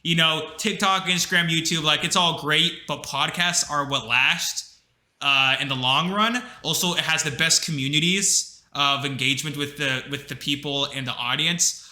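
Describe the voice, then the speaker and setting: A young man with a very bright, slightly high voice, chatting casually on a podcast. He rambles through his stories with plenty of fillers, and the room gives his voice a roomy echo. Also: moderate pace. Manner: rambling storyteller, lots of fillers. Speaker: podcast co-host. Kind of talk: casual chat.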